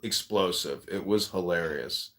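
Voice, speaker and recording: A man hosting a podcast in casual chat, rambling and swearing, with loud bursts of laughter. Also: sits low, measured pace. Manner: profane, rambling, laughs loudly. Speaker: podcast host.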